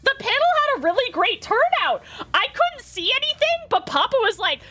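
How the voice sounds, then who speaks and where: A woman from Canada, a streamer chatting in a chaotic, excitable way, swearing and breaking into laughter. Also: very high-pitched, moderate pace. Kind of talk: casual chat.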